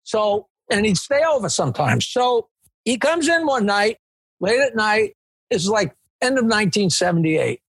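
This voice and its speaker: An older man, a comedian telling a story in an interview, animated and digressive. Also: high voice, normal speed, husky, dry recording. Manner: animated, digressive storytelling with swearing and quoted voices. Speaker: comedian, guest.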